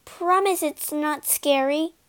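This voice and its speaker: Lady doing a scaredy little ghost, squeaky high voice, shaky questions, storybook. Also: takes it slowly. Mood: nervous. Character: timid little ghost, easily frightened, whimpering. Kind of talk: storybook reading.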